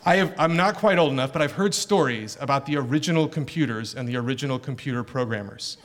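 A man's voice: medium pitch, quick pace, slight background noise. A middle-aged male pastor preaching an earnest, emphatic sermon full of rhetorical questions. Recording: long hall reverb.

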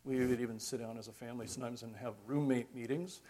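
A middle-aged man preaching a sermon in a reflective, conversational way, pausing often with fillers. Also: medium pitch, steady tone, dark tone.

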